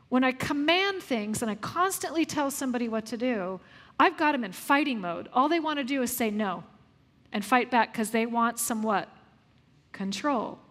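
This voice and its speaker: A woman leading a live parenting workshop, lively and asking the audience questions before answering them herself. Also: high voice. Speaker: parenting coach. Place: large room with a live audience. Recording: long hall reverb.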